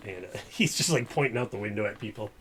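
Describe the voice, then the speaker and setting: A man's voice: on the low side, lively intonation, fast, a bit bright, slight background noise. Laid-back man running a tabletop game. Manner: loose, laughing, full of fillers. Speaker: game master.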